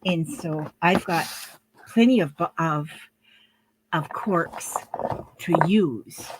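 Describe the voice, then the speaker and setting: A woman's voice: on the low side, slow pace, background noise. An older woman talking casually to camera at home while she shows her handmade crafts, rambling and homey, with lots of fillers and restarts.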